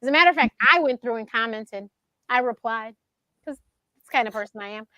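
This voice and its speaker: Woman, high voice, bright and punchy, dry close sound, animated casual storytelling, laughs a lot. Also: fast, no echo, muffled recording. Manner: animated, acts out quotes in a higher voice; laughs often mid-sentence. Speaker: show host being interviewed.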